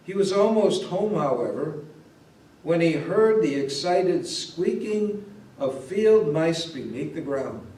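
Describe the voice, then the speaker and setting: Slow-telling pastor in an echoey hall. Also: male voice, a little high, expressive. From Ohio, USA. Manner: slow, gentle storytelling. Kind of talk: reading a Christmas story aloud. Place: church or parish hall. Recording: roomy echo, mic at a distance.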